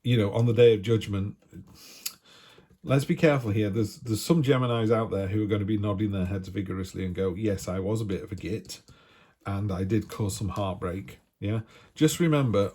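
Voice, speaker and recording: A man's voice: lowish voice, mellow. A man giving a casual, encouraging weekly tarot reading, chatty and full of restarts. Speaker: tarot reader.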